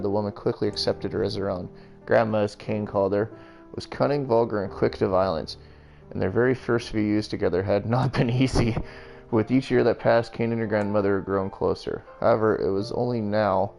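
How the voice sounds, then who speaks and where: A man's voice: fairly low pitch, creaky, a little mellow. A man reading a novel aloud on a stream, mixing plain narration with wry side comments.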